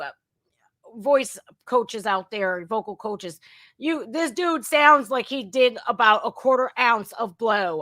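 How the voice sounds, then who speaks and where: Blunt, sarcastic woman podcaster. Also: fairly high pitch. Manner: animated, swings between loud outbursts and muttering. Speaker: podcast host. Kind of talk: casual news commentary.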